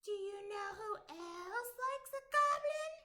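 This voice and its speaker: Woman doing storybook goblin crowd, excited, small, shouting, very high, bright. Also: slow, heavily acted. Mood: eager. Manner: loud, shouted cheering. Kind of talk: storybook read-aloud voice.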